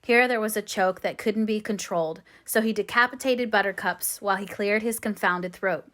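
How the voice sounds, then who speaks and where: Narrating a classic novel for an audiobook, she keeps her delivery clear and measured. The voice sits at a medium pitch with a slightly bright quality.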